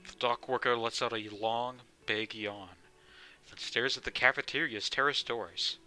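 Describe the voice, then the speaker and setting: A man's voice: medium pitch, steady tone, a little slow, bright, forceful tone, rough recording. A man casually playing a game live, amused, reading text aloud. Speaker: streamer.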